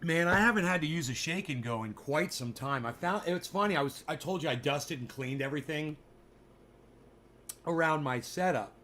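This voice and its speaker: Bright-voiced man in casual rambling chat. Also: fairly high pitch, moderate pace. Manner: animated storytelling, frequent swearing, jokey mock-advert asides. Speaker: streamer.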